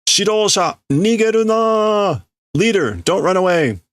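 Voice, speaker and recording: A man's voice: high voice, big pitch swings, unhurried, no echo, voice pushed up. A man putting on angry workers who hurl harsh insults at their leader while reading manga dialogue aloud.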